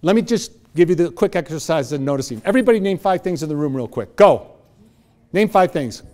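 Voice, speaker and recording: A motivational speaker in his fifties gives a live talk, telling stories with energy and quizzing the audience. His voice is fairly high in pitch and fairly quick.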